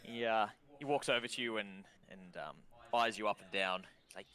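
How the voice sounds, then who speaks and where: An Australian man narrating a tabletop game as game master, describing scenes in a relaxed way with many ums. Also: lowish voice, normal speed, hardly any pauses.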